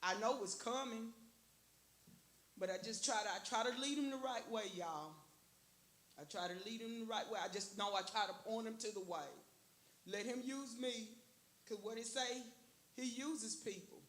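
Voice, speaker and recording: A woman's voice: fairly high pitch, normal speed, pauses often, fairly bright tone. A woman giving an earnest personal testimony in church, repeating phrases and quoting her own prayers. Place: church sanctuary. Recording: echoey church with faint hiss.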